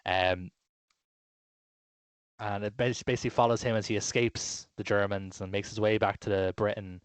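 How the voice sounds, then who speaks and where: A man chatting casually on a film podcast, rambling and enthusiastic, full of fillers and false starts. His voice sits fairly low and the sound is dry and close. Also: flat delivery, normal speed, smooth, dry recording. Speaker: podcast co-host.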